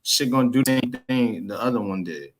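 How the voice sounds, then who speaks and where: A man's voice: mid-range voice, brisk. A man hosting a casual sports chat, blunt and profane, repeating "man" as he talks.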